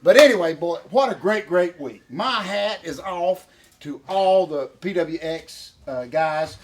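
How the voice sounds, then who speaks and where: A man's voice: high voice, expressive, measured pace. A man with a Southern US accent co-hosting a casual chat, folksy and a little out of breath. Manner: folksy, calls partner "boy" and "Bullet" constantly. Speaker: co-host.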